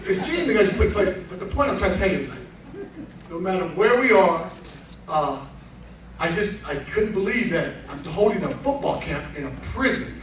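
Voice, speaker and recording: A man telling a lively story at a reunion event, acting out the voices of the people in it and laughing along. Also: sits high, normal speed, a little hiss or hum. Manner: animated, laughing storyteller who acts out quotes. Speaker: honoree giving a speech. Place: banquet room with crowd. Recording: roomy hall, far from the mic. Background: crowd murmur and laughter.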